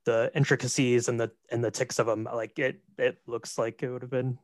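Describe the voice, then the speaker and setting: A man co-hosting a casual film podcast, retelling the plot in a relaxed way with fillers. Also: medium pitch, a little fast, no room sound, studio quality. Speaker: podcast co-host. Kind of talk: casual film recap chat.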